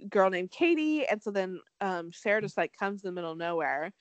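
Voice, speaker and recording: Brief: young female podcast host, lively pitch, dry close sound, chatty and sarcastic. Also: fairly quick, dry recording. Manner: chatty, heavy use of "like", swearing, sarcastic. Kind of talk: casual recap chat.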